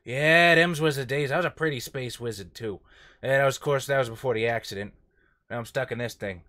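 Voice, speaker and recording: A man's voice: mid-range voice, fairly quick, bright, forceful tone. A man playing a tabletop game, talking in character with brash, wisecracking banter. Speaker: player.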